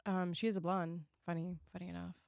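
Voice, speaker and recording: Animated, swearing young woman co-host. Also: fairly low pitch, a little fast, gravelly, no echo, studio quality. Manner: animated, swearing, laughing storyteller. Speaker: podcast co-host. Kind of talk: casual chat.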